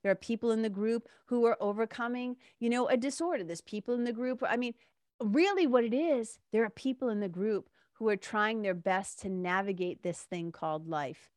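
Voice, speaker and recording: A middle-aged woman with a slightly high voice talks as a spiritual mentor. She is candid and chatty, swears freely and laughs easily. The sound is close and dry, with no room echo. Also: normal speed, darkish tone. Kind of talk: casual monologue.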